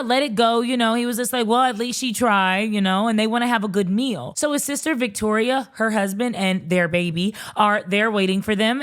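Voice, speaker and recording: A woman talking through a show recap in a casual, outspoken way, cursing freely and throwing in exclamations. She slips into mocking impressions of the people she quotes. Her voice sits at an ordinary middle pitch. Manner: animated, blunt, swears and exclaims. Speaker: reaction commentator.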